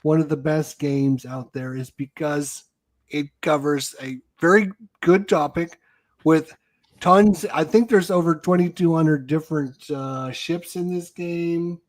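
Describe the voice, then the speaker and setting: A man hosts a live show over a video call in a slightly high voice. He talks eagerly and repeats key phrases for emphasis. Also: steady tone, measured pace. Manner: enthusiastic, repeats himself for emphasis. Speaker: host. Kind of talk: casual live-stream chat.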